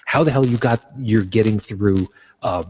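Husky exasperated podcast co-host man. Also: lowish voice, normal speed, a little mellow, muffled recording. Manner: exasperated, hesitant restarts, blunt jokes. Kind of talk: casual podcast chat.

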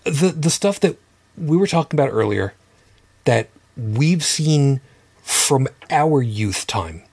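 Husky middle-aged man, halting chat. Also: on the high side, animated, a little mellow. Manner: halting, full of restarts and casual swearing. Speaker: podcast co-host. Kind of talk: casual chat.

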